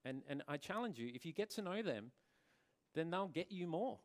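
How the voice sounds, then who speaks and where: A man's voice: a little high, very animated, moderate pace. Earnest man giving a conference talk. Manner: earnest, repeats words and restarts often. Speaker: salon owner and presenter. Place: conference venue.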